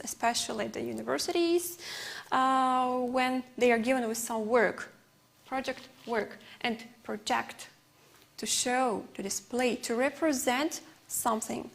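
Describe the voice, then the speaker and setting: A woman with an Uzbek accent teaches English for a television class. Her voice sits high, and she works through each word at an unhurried, measured pace, explaining it patiently. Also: gravelly. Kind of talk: TV English lesson.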